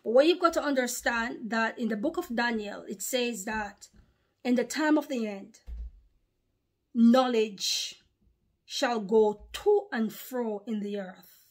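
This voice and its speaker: Brief: woman preacher, voice on the higher side, emphatic and repetitive, delivering a sermon to her online followers. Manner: emphatic and repetitive, with pauses to recollect. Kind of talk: spoken sermon to a video audience.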